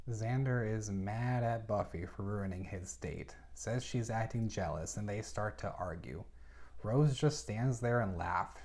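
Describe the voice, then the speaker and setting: A man with a slightly low voice talks through a novel's plot in a relaxed, conversational way. He breaks in often with exasperated, chatty reactions to the characters. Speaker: book reviewer. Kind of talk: casual plot recap with reactions.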